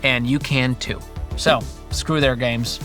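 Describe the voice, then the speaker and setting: A man's voice: mid-range voice, steady tone, takes it slowly, fairly bright tone, faint music behind. A man hosting a personal finance reaction show, giving casual, comedic commentary in a wry, sarcastic, jokey way.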